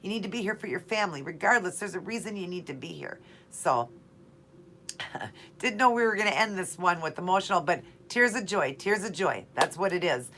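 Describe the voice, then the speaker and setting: Lower-voiced woman hosting a heartfelt live stream. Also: expressive, normal speed, a bit bright, a little hiss or hum. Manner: heartfelt, repetitive, addresses viewers directly. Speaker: host of a live keto Q&A stream. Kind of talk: live-stream chat to viewers.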